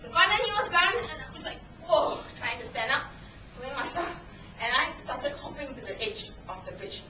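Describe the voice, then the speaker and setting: Lively woman telling a story in an echoey hall. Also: high voice, fairly quick. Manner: animated, acts out scenes with shrieks and laughter. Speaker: contest speaker. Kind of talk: dramatic storytelling speech. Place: meeting hall. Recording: echoey hall, distant camera, noisy.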